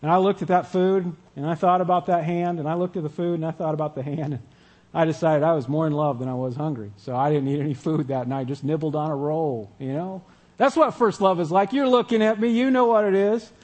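A male pastor preaching a sermon in a relaxed, conversational way, often asking the audience questions. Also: fairly high pitch, a little fast.

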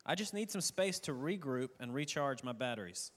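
A man's voice: medium pitch, lively intonation, normal speed, fairly bright tone, lightly acted. A man playing a weary, grumbling husband in a hall. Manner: grumbling, self-pitying.

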